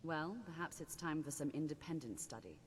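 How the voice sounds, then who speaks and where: A woman's voice: brisk, breathy edge. An actress playing a haughty, mature female mage teacher in a video game, speaking in a cool, formal, faintly condescending way. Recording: game audio with long reverb, faint rumble.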